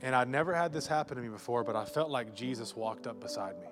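Male pastor, mid-pitched, playful live sermon, rhetorical questions, faint music underneath. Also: fast. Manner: joking, asks rhetorical questions to the congregation. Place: church sanctuary before a congregation.

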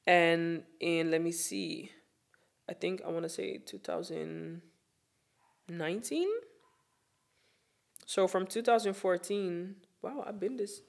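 Woman host, gravelly fry, sincere reflective delivery, reads her own piece. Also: fairly low pitch, fairly even intonation. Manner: earnest, reflective, with pauses and restarts. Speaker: host sharing a Women's Day message. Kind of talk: heartfelt personal talk and reading.

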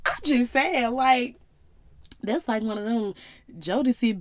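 A woman's voice: high-pitched, sing-song, drawn-out words, long pauses, a little mellow, no room sound. Chatty woman podcaster, dry sound. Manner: conversational, drifts into voicing God and others. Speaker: podcast host. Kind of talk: casual faith talk.

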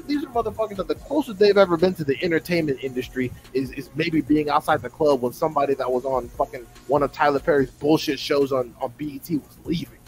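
Guy ranting on a podcast, high voice jumping all over, swearing a lot, faint music under it. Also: poor audio. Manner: profane, exasperated, mocks fans in put-on voices. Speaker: podcast co-host. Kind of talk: heated casual podcast rant.

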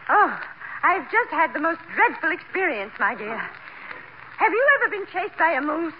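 A prim genteel society matron. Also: female voice, very high voice, big pitch swings, a little slow, dull audio, heavily acted. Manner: refined, affected diction. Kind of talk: 1940s radio comedy acting. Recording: old radio recording with hiss.

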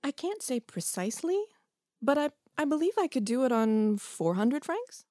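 An actress playing a discontented young wife who longs for luxury, in an audio drama, speaking plaintively. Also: female voice, sits high, big pitch swings, normal speed, a little mellow, no room sound. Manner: plaintive, wistful. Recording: dry close studio sound.

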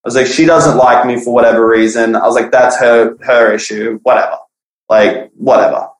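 A young man casually telling a profane school story on a podcast, animated, acting out the people he quotes. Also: medium pitch, brisk. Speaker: podcast guest. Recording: echoey room.

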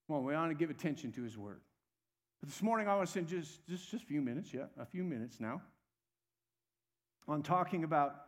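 A man preaching a sermon as pastor, urging the congregation to repeat phrases after him. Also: fairly high pitch. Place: church sanctuary. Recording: long reverb of a church hall.

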